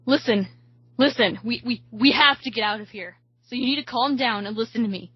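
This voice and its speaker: A woman's voice: on the high side, fairly quick, breathy edge, no echo. A woman voicing a badly hurt young man who pleads urgently and stammers, recorded slightly dull.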